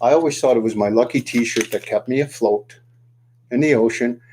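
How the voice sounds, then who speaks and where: A man voicing a boastful, superstitious male sea captain who talks with excitement. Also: mid-range voice, normal speed, slight background noise, natural voice. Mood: proud. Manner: excited, exclaiming.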